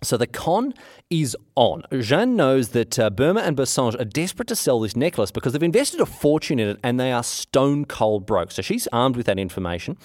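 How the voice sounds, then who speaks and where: A man's voice: medium pitch, moderate pace, dry recording, studio quality. A young man hosting a podcast, retelling history in a slangy, jokey way. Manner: slangy, jokey, lively retelling with put-on quotes. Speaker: podcast host. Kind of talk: casual history storytelling.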